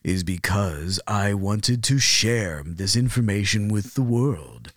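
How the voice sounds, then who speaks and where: Man voicing a TV presenter, silky smooth, grave, lowered voice, dry sound. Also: lively intonation, no room sound, heavily acted. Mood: grave, self-assured. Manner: slow, grave, self-assured. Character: smooth-voiced male TV presenter, secretive conspiracy insider. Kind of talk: improvised comedy podcast.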